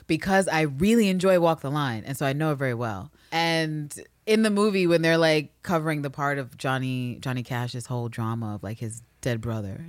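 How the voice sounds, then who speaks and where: Low-voiced woman recapping a show, laughing. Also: no room sound, clean studio sound. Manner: animated, profane, laughs often, acts out characters. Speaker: podcast co-host. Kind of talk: casual TV recap chat.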